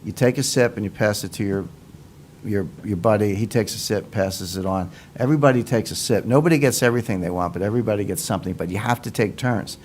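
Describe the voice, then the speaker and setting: A man's voice: on the low side, quick pace, darkish tone, a little hiss or hum. A man giving a confident, emphatic explanatory talk as an economics commentator, repeating his points and building analogies.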